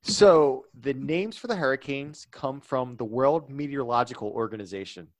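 A man co-hosting a casual podcast chat, playful and teasing. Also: mid-range voice. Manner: playful, teasing, quick to laugh. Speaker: podcast co-host.

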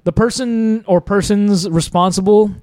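A man's voice: sits high, measured pace, darkish tone, dry recording. A man co-hosting a podcast in casual chat, rambling with many fillers and frequent laughs. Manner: rambling, laughs often, lots of "like". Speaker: podcast co-host.

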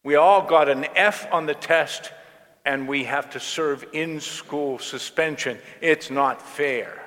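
An indignant, sulky twelve-year-old girl, as a preacher puts her on, her voice pushed up high and loud. It rings out with a long churchy reverb behind it. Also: slow.

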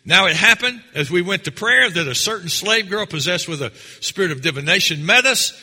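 A man's voice: sits high, expressive, a little fast, slightly rough. Fervent male preacher in an echoing hall. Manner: fervent preaching, rising to shouts. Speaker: pastor. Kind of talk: sermon. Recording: long hall reverb.

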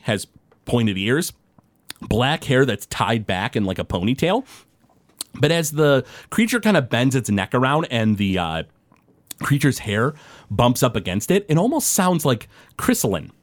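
A man's voice: mid-range voice, dry recording. A man narrating a tabletop game as game master, describing scenes loosely with many fillers.

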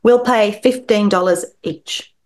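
A woman's voice: medium pitch, a little slow, a little mellow, voice pushed up, natural voice. A woman voicing a prim, resolute teetotal mother who states her terms firmly. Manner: firm, resolute.

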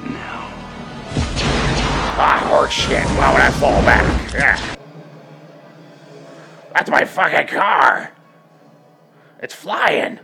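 A man putting on a gruff, hoarse, shouting voice of an angry middle-aged man, as if speaking through a cigarette. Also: medium pitch, very animated, drawn-out words, pauses often, loud music behind the voice, exaggerated voice. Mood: yelling.

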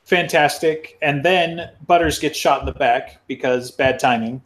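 A man's voice: a little high, a little slow, a bit bright, slight background noise. A man chatting casually about a book on a podcast, rambling with lots of "right?" and "like". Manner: rambling, many fillers and "right?".

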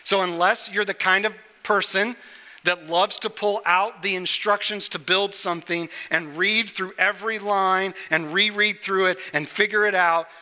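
A middle-aged male pastor preaches in a relaxed, joking way, his voice sitting high and sounding bright and forceful. The sound carries a long reverb from a large church hall. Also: moderate pace. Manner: conversational, joking with the congregation. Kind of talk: sermon. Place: church sanctuary on stage.

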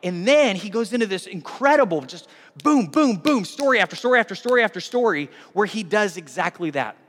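Animated high-voiced male pastor, hall reverb. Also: a little fast. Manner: animated, swings from hushed to loud. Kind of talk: sermon.

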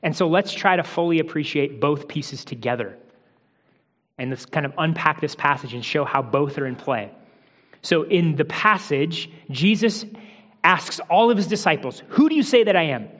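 A man's voice: a little high, normal speed, long reverb tail. A man preaching a sermon as a pastor, explaining a passage with frequent restarts. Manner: explanatory teaching with restarts, softens for quoted lines.

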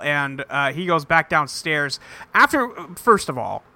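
Speaking at a measured pace in a fairly high, creaky voice, a podcast co-host chats casually about a TV episode he's recapping. He animatedly performs the characters' lines as he goes, with no room sound in the recording.

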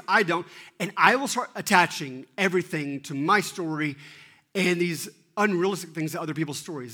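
A man in his thirties giving an animated, self-deprecating sermon and often asking the audience questions. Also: on the high side. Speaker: teaching pastor.

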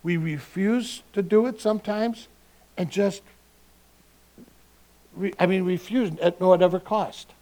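A male pastor giving a sermon in a relaxed, conversational way, asking his listeners rhetorical questions. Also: high voice, measured pace, pauses often.

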